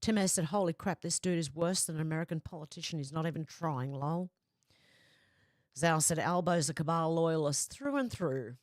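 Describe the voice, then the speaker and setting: Sitting close to a desk mic, this woman runs a casual livestream, laughing as she reads out her chat. She speaks at normal speed in a low, darkish voice, with no echo in the audio.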